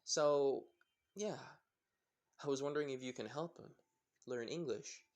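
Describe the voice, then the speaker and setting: A man's voice: mid-range voice, darkish tone, close to an everyday voice. A man voicing a kind, encouraging adult father who speaks hesitantly with restarts. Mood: friendly. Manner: hesitant, halting speech with restarts.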